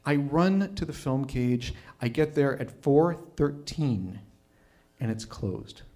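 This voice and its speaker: A man's voice: mid-range voice, expressive, takes it slowly, mellow. A man telling a personal story at a live storytelling night, wry and self-mocking.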